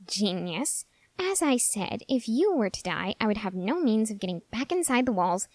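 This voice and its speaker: A woman's voice: mid-range voice, dry recording, natural voice. A woman voicing a dry, sarcastic young male cat-hybrid in a whispered role-play, mildly scolding yet caring.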